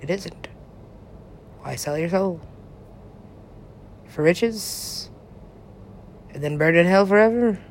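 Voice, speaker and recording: A woman's voice: fairly low pitch, slow pace, long pauses, slight background noise. A woman talking in a rambling, meandering monologue, often giggling and swearing casually.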